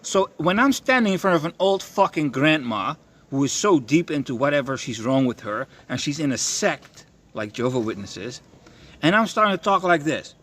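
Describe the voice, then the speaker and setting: A man's voice: fairly high pitch, very animated, normal speed, a bit bright. A young man ranting in a monologue. He swears a lot, stammers and keeps repeating himself. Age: young adult. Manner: profane, stammering, repetitive.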